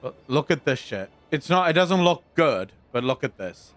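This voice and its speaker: A man chatting casually while playing a game, relaxed and swearing in offhand asides. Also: fairly high pitch, moderate pace, soft background music. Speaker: gaming streamer. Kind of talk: casual gameplay chat.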